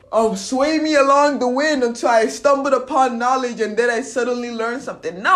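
A young woman vlogging a blunt, profane motivational monologue, swinging between loud ranting and quiet confession. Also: a little high.

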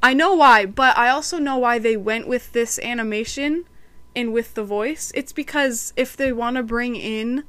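A woman's voice: on the high side, normal speed, fairly bright tone, no room sound. Chatty young-sounding woman podcaster. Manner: chatty, giggly, acts out quotes. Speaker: podcast host reviewing a cartoon series. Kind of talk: casual review chat.

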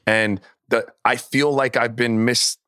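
A man's voice: medium pitch, fairly even intonation, a little slow, bright, forceful tone, smooth, dry recording, clean studio sound. A man co-hosting a sports podcast who explains himself earnestly, restarting his sentences as he goes. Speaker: podcast co-host, former player. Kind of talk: casual sports podcast chat.

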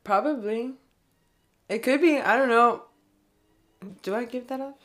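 A woman's voice: a little high, unhurried. Young Californian woman, rambling casual chat. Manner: rambling, heavy use of "like", animated storytelling.

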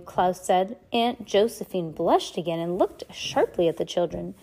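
A woman casually reading a novel aloud, relaxed, now and then stumbling and chatting between passages. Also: lowish voice, a little slow, vocal fry. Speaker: reader.

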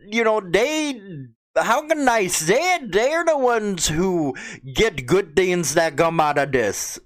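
Swearing Chicago man ranting, lively pitch. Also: slow. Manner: crude, indignant, swears a lot; reads news aloud, then mocks it. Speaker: vlogger. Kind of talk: profane political rant.

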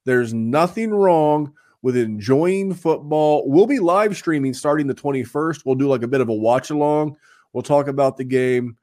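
A man hosting a fantasy football podcast, chatting casually and upbeat, rambling a little as he gives shout-outs and plugs. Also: fairly high pitch, moderate pace. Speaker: podcast host.

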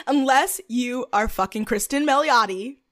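A woman's voice: a little high, measured pace, fairly bright tone. A woman co-hosting a podcast, chatting casually about a TV show, bubbly, laughing often and swearing casually. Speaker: podcast co-host. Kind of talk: casual chat recapping a TV show.

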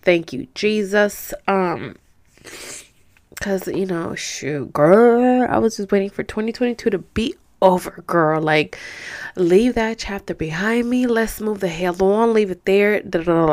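Brief: young woman, solo podcast host, rambling casual chat, tired, mid-pitched voice. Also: unhurried, darkish tone. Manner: chatty, rambling, says "girl" and "you know" a lot. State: tired, rubbing her eyes.

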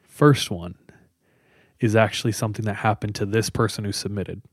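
A man's voice: lowish voice, normal speed, breathy edge, no echo, clean studio sound. A man casually retelling a scary story to friends, chatty and loose, with lots of fillers. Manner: conversational, loose with many fillers.

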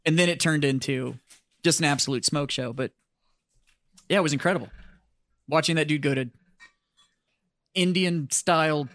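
A man co-hosting a podcast with relaxed, casual banter about military training. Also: on the high side, moderate pace, pauses often, dry recording. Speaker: podcast host. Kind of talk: casual chat.

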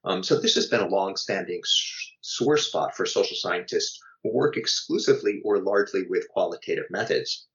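Deep guy author explaining stuff slowly w/ ums, kinda muffled audio. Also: expressive, a bit bright. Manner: measured, explanatory, with fillers and restarts. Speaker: author and guest. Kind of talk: academic interview answers.

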